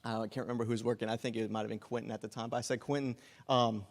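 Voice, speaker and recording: A man's voice: fairly low pitch, completely flat delivery, racing, darkish tone. A young man telling an earnest personal testimony as a guest speaker in a church, restarting his phrases often. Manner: earnest, storytelling, frequent restarts. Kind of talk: sermon testimony. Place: church sanctuary. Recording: long church reverb.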